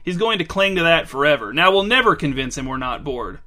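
Man reading as a bored teen daughter, flat and impatient, bright slightly raised tone. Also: fairly high pitch, a little fast. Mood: bored exasperation. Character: bored teenage girl, exasperated with her dad.

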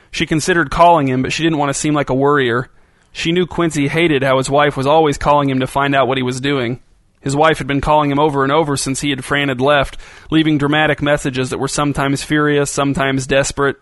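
A man narrating a novel in a steady, even storytelling voice. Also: medium pitch, no echo. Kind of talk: audiobook narration.

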